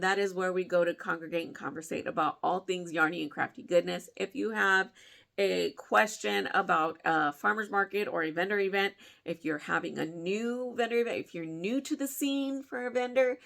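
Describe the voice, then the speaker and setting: A woman in her thirties talks straight to her viewers in a casual vlog, swinging between bubbly greetings and tender family stories. Her voice sits at a middle pitch with a noticeable gravelly fry. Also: moderate pace, a bit bright. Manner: chatty, emotional storytelling with laughs. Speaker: crafting channel host.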